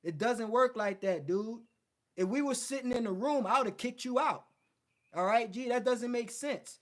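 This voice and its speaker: A man's voice: very high voice, normal speed. A man hosting a livestream, lecturing his viewers bluntly and swearing often. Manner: mocks others in put-on voices. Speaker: host. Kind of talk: livestream coaching talk.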